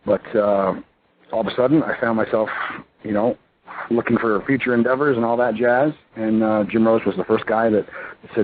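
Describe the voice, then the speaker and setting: A man in his thirties, a pro wrestler and interview guest, talking in a rambling, excitable way full of fillers. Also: on the low side, normal speed, a crowd in the background. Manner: excitable, rambling, full of "you know" and "I mean". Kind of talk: casual phone interview. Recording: tinny phone line with faint hiss.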